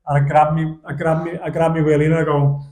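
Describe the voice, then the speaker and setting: A young man on a podcast, telling stories in a lively, animated way and laughing along as he goes. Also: fairly high pitch, fast talker, roomy sound. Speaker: podcast guest. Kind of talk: casual storytelling chat. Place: indoor podcast studio.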